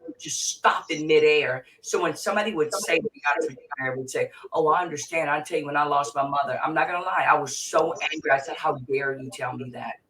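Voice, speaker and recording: Speaking fast in a deep, slightly bright voice, this middle-aged therapist from Virginia, USA, works in mental health and appears as an interview guest. She repeats herself with emphasis and passion in emotional talk, recorded from afar with a little faint noise.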